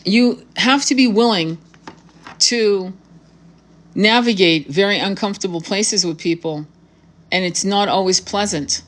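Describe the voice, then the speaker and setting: Blunt, profane woman tarot reader. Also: fairly low pitch. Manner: spiritual vocabulary. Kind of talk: casual monologue to camera.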